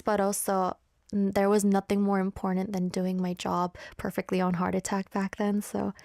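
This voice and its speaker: A woman's voice: medium pitch, vocal fry, no room sound. A woman hosting a radio show, chatting on air in a candid, self-mocking way into a studio microphone. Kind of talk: casual on-air chat.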